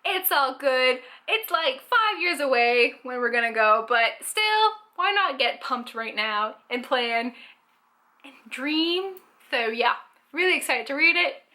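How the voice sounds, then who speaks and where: A young woman from Canada talks through a casual book haul vlog. Her voice sits high and sounds sharp and bright. She chats eagerly, full of likes and ums. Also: expressive, takes it slowly. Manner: chatty, enthusiastic, lots of fillers. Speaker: book vlogger.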